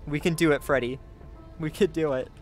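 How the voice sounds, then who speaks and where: A man narrating his own game playthrough for his viewers, chatty and quick to get excited. His voice sits a little high, and he gasps and cheers as he goes, with soft music playing faintly underneath. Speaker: gaming video creator. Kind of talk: let's play commentary.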